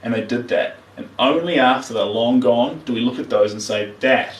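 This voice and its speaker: A man's voice: medium pitch, normal speed, hardly any pauses, distant mic, slight background noise. A man with a New Zealand accent chatting casually to live viewers while he paints, trailing off as he works. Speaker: artist streaming live. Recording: roomy, mic set back from speaker.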